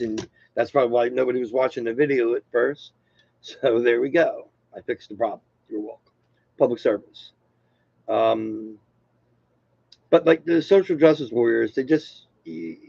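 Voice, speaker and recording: A man's voice: mid-range voice, vocal fry, a little mellow, dry recording, lo-fi sound. A man live streaming a rambling, self-deprecating casual comedy monologue from home.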